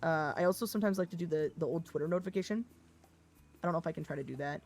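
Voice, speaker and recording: A woman streamer from the American Midwest chatting casually, rambling and swearing, laughing often, with an expressive, slightly Valley Girl tinge. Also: low voice, racing, soft background music. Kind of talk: casual livestream chat.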